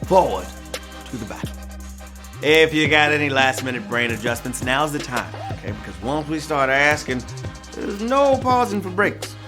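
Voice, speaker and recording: A man hosting a live trivia game show, goofy and teasing, squealing high and singing bits with faint music behind. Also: animated, normal speed. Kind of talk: live-streamed trivia hosting, playful banter. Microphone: phone.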